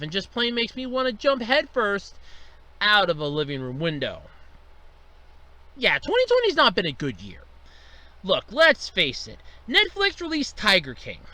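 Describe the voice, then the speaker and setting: A man's voice: high voice, bright, forceful tone. A man hosting a comedic rant series, exasperated and profane, complaining with mock outrage.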